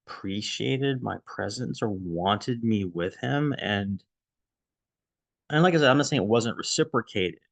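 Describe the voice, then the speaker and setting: A man casually recalling a friendship, quiet and reflective, halting with many restarts and fillers, audibly emotional. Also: mid-range voice, gravelly, no echo. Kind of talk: casual personal storytelling.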